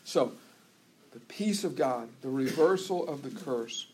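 A man's voice: mid-range voice, lively intonation, measured pace, darkish tone, slight background noise. A pastor preaching a conversational sermon to his church, with frequent restarts and asides.

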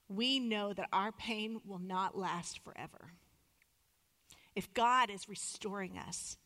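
A woman in her thirties preaching a sermon in an earnest, measured way, slowing down for emphasis. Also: medium pitch, a bit bright, big-room sound.

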